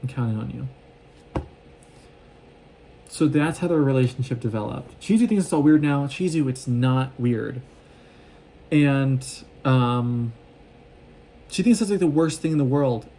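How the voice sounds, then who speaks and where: Guy rambling thru a show recap on his phone, talks fast, lots of likes and ums, warm low-key tone. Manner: fast, rambling, with many fillers and restarts. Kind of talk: casual excited recap.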